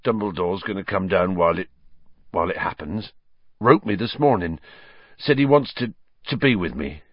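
A man voicing a huge, gentle gamekeeper who talks haltingly and shakily in a storybook reading. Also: sits low, lively intonation, no room sound, dull audio. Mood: resigned. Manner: halting, shaky speech.

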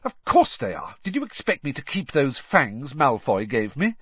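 Brisk, bossy teenage schoolgirl in a storybook reading, voiced by a man, husky, dry and slightly muffled. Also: medium pitch, very animated, no room sound, voice pushed up.

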